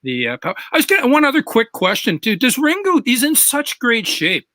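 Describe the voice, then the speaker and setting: High-pitched guy telling drum stories, bright voice, really animated. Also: moderate pace, no room sound. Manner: animated storytelling, eager questions. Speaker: guest drummer. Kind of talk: casual chat.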